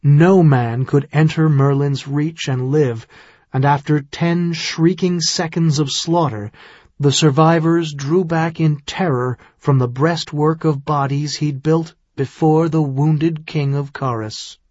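Slow, husky male audiobook narrator. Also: fairly high pitch, steady tone, darkish tone, no echo, dull audio. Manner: measured, dramatic storytelling.

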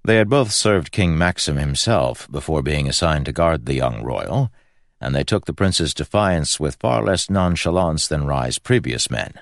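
A man narrating a fantasy novel in a measured, even storytelling manner. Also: extremely low pitch, dry recording, studio quality. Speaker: audiobook narrator. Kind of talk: scripted narration.

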